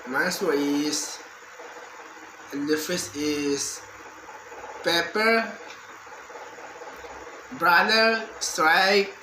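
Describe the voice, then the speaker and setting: A man's voice: a little high, steady tone. A young man, a university student reading a prepared exam answer aloud, carefully and with restarts. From Indonesia. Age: young adult. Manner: slow, careful reading with repeated words and restarts. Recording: echoey room with faint background hum.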